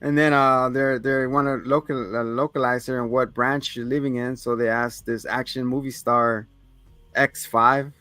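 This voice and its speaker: A man's voice: medium pitch, flat delivery, normal speed, bright, forceful tone, no echo. A man co-hosting a podcast, casually recapping episodes in a rambling way, with fillers and laughs. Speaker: podcast co-host.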